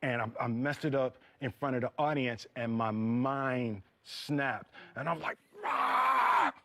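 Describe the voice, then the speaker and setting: A man in his fifties telling a story in a casual, animated way, acting out quotes and laughing. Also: medium pitch, a little slow, background noise. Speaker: actor and reunion guest.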